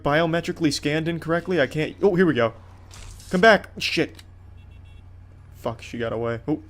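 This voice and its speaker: A man giving comedic gameplay commentary in a crude, sarcastic, mock-heroic way. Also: mid-range voice. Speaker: gaming commentator.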